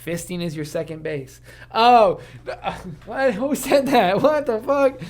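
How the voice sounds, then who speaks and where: A man's voice: high voice, slow. A man co-hosting a podcast in casual, profane, ranting chat. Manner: animated, swearing, ranting. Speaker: podcast co-host.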